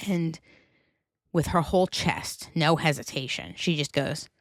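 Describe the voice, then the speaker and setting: Podcast host, woman, US Northeastern accent, lowish voice, animated and foul-mouthed, bone-dry sound. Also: a little slow, no room sound. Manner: animated, emphatic, swears freely. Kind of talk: casual pop-culture chat.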